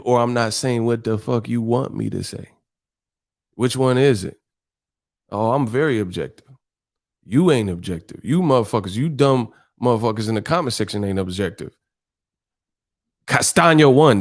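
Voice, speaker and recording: A man's voice: medium pitch, lively intonation, normal speed, long pauses. Man, boxing stream host, combative casual rant, heavy profanity, mid-range voice. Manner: blunt, combative, heavy cursing.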